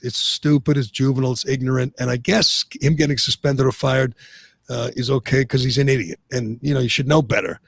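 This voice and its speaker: A man's voice: mid-range voice, fairly quick, gravelly, dry recording, studio quality. A man hosting an opinionated sports talk radio show, ranting with lots of restarts. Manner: animated ranting, frequent restarts.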